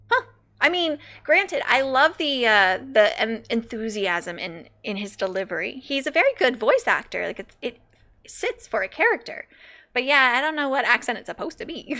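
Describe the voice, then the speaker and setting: A woman's voice: on the high side, bright, forceful tone. A woman streamer chatting casually and giggling while reacting to a game. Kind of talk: casual gameplay commentary.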